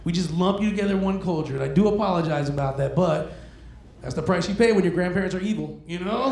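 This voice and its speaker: Male stand-up comic, high voice with gravelly fry, loose and crude, ribbing the audience on a club stage. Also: fast. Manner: casual, crude, teasing the crowd. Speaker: stand-up comedian. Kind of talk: stand-up comedy set. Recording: echoey club room with crowd noise.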